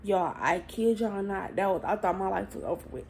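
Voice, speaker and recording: Candid rambling young woman, gravelly voice. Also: mid-range voice, normal speed, a little mellow. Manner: candid, rambling, swears freely, addresses viewers as y'all. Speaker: vlogger telling a story. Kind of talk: casual storytime chat to camera.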